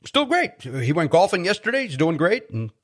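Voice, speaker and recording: A man, telling stories as a podcast guest in an animated, joking way. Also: sits high. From South Side of Chicago. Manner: animated storyteller, quick jokey asides. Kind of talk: casual chat.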